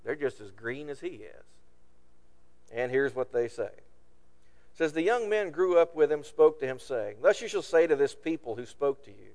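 A man's voice: a little high, a little mellow, big-room sound. A man preaching a sermon, reading scripture aloud and retelling it in plain everyday words.

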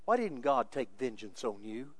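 A male pastor preaching a sermon with emphasis, moving between quiet asides and raised, insistent points. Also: medium pitch, very animated, normal speed, no room sound.

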